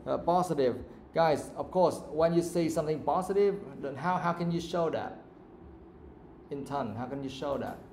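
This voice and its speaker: A man's voice: fairly high pitch, normal speed, vocal fry, darkish tone, roomy sound, slight background noise. A man with a Vietnamese accent teaching an English speaking lesson live, modelling intonation with exaggerated examples.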